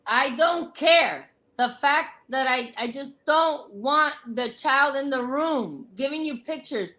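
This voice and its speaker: A woman's voice: high-pitched, expressive, slow pace, pushed and bright, rough recording. A woman in her forties hosting a live panel, talking bluntly and confrontationally, with boastful self-assurance. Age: 40s. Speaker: panel host. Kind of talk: heated live panel talk.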